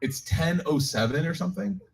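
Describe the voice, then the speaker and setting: His voice sits on the high side, brisk and creaky, with a little hiss or hum in the recording. At a live-streamed community gathering, he leads a Quran reflection as a joking, animated storyteller, addressing the audience head-on with personal anecdotes.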